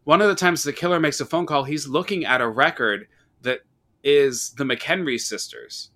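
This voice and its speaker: A man's voice: a little high, normal speed. A man hosting a casual podcast, talking through a horror film and acting out its lines. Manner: animated storyteller, acts out quotes. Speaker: podcast host. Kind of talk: casual horror movie discussion.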